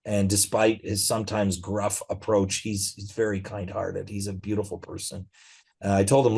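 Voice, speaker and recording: A middle-aged man speaking as a guest in a conversational interview, telling stories in a relaxed way with frequent fillers. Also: fairly low pitch, normal speed, vocal fry, breathy edge.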